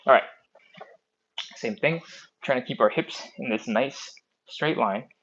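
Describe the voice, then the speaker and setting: On a muffled recording, a stretching instructor speaks through an earbud mic at medium pitch with a fairly bright, slightly rough tone. He chats encouragingly with his live class, a little short of breath, counting down slowly.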